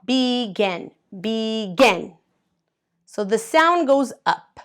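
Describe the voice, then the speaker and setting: Slow, clear-voiced woman ESL teacher. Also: on the high side, expressive. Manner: slow, patient, spells out letters and claps syllables. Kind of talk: classroom grammar lesson. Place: at a board, writing in colors.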